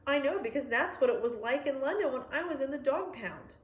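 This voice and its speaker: A woman voicing a friendly young male dog, anxious but kind, in a lively storybook reading with sound effects. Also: high-pitched, fairly quick, reverberant. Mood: troubled.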